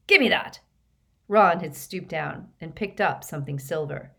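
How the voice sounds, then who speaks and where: A woman reading an audiobook aloud with a lively delivery. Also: sits low, normal speed, creaky. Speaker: audiobook narrator.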